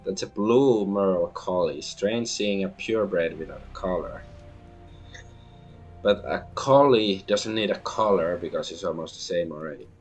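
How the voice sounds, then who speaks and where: A man streaming a story-driven video game in a very deep, low voice, reading the on-screen text aloud and tossing in casual asides as he plays. He trips over longer words now and then, and quiet game music plays underneath. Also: unhurried.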